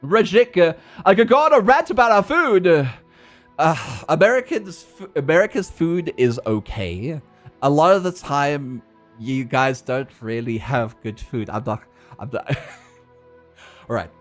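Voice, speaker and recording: A man's voice: fairly high pitch, a little slow, soft background music. A young South African man streaming a game, ranting in casual, profane, laughing chat. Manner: animated, profane, laughing rants.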